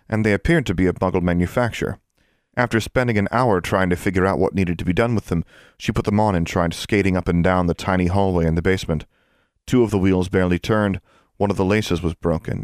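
A man narrates a fantasy audiobook in an even, measured way. His voice is very deep, and the recording is dry and close with no room sound. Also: no echo. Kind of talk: scripted narration.

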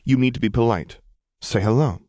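A man voicing a stern but fond young mother who speaks in firm, crisp commands. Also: mid-range voice, brisk, dark tone, no echo, studio quality, voice pushed up, lightly acted. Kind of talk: audiobook character voice.

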